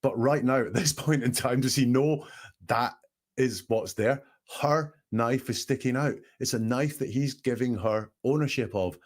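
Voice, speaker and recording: A man's voice: mid-range voice, normal speed. A man hosting a show, analyzing recorded words in a questioning, emphatic manner. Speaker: statement analyst host. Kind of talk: analytical commentary.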